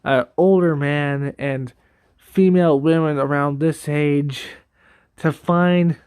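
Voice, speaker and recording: A man voicing a scheming woman cult leader who gloats in a slow monologue, slightly higher than his usual voice. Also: fairly even intonation, a little mellow, clear, resonant tone, no echo, clean studio sound. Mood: gloating.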